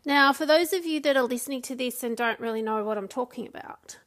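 A woman's voice: sits high, fast talker, fairly bright tone. A woman, a coach, talking casually on her own podcast with frequent restarts. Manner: conversational, with restarts and acted quotes. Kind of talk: solo podcast talk.

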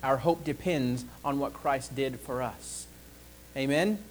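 A man preaching a sermon, slow and deliberate, pausing to ask the congregation for an amen. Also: medium pitch, slight background noise, rough recording.

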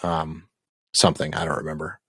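A man's voice: a bass voice, flat delivery, brisk, slightly rough, no room sound. A man co-hosting a casual podcast, trading dry, joking banter. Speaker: podcast co-host. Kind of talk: casual chat. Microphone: studio microphone.

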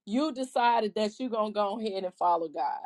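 A woman's voice: mid-range voice, a little mellow. A woman co-hosting a casual faith podcast, speaking earnestly, restarting her sentences and quoting scripture aloud. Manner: earnest, talks in halting restarts, quotes scripture. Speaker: podcast co-host.

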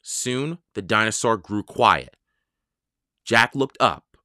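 A storyteller reading a children's chapter book aloud, slow and clear. The voice is bright with animated rises and falls, and it sounds dry and close to the mic. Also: mid-range voice, no echo. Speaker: audiobook reader. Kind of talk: children's audiobook narration.

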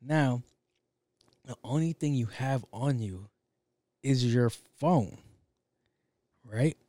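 A man's voice: mid-range voice, takes it slowly, warm tone, no room sound. A young man in a casual solo monologue, rambling and profane, drifting off on tangents.

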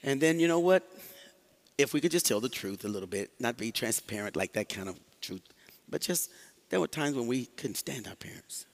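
Animated, laughing pastor man. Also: medium pitch, normal speed, in a large hall. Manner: animated, laughing, call-and-response with the congregation. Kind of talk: sermon.

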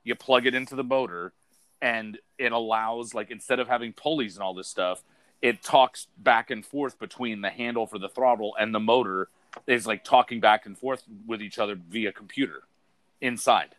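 A man telling a rambling, animated story in casual conversation, full of fillers. His voice sits in a middle register, and the recording is dry and close. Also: mid-range voice, moderate pace, dry recording. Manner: animated storyteller, heavy fillers, says dude. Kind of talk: casual chat.

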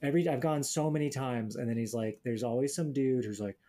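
A young man with a mellow, mid-range voice talks fairly quickly in a casual chat as a podcast co-host. He tells stories bluntly and sardonically, swearing a lot and mocking people in quoted voices.

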